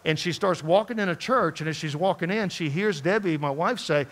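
A man preaching, telling a personal story in a conversational, animated way and asking the congregation questions as he speaks to them in church. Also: fairly high pitch, fairly quick. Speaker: pastor. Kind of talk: storytelling sermon. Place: church sanctuary before a congregation.

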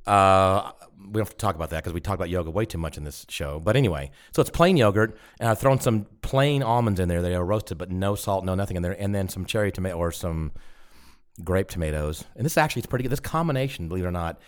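Low-voiced man chatting while eating. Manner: talks while eating, halting, laughs often. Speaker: podcast co-host. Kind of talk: casual chat.

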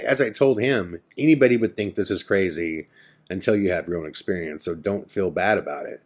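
A man hosting a podcast, telling a personal ghost story with lots of quoted back-and-forth dialogue. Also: deep voice. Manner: retelling the scene with quoted dialogue, many "I'm like" asides. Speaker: podcast host.

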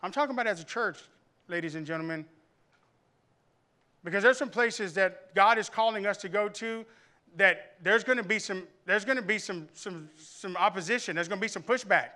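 High bright-voiced man preaching. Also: moderate pace. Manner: preaching with rising intensity and repetition; tells humorous family anecdotes to the congregation. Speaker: pastor. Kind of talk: sermon.

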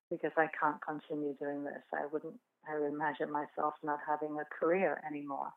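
A middle-aged woman, a podcast guest, earnestly telling a personal story. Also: deep voice. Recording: tinny phone line from a distance.

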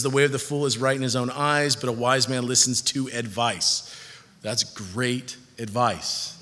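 A man's voice: mid-range voice, sharp tone. A man preaching a sermon in a casual, conversational way, acting out listeners' voices. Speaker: pastor. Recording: hall reverb.

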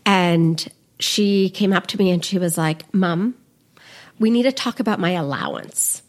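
A woman's voice: fairly low pitch, a little slow. Lady chatting on a podcast, tells stories animatedly, does little kid voices. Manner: animated storyteller, acts out her kids' voices. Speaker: podcast guest, business principal. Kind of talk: casual chat, anecdote telling.

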